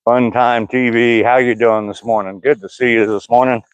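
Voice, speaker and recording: A man's voice: mid-range voice, little pitch movement, normal speed, clean tone, no room sound, dull audio. An older man joking and laughing as he reads live chat comments aloud during a walk on a trail. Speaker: vlogger. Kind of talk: casual live-stream chat while walking. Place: outdoor walking trail.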